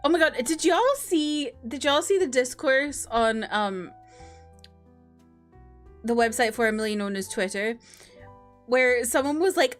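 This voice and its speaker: A woman's voice: sits high, expressive, measured pace, soft background music. A woman streamer chatting casually with her viewers, greeting them by name between giggles and filler words. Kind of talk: casual live-stream chat.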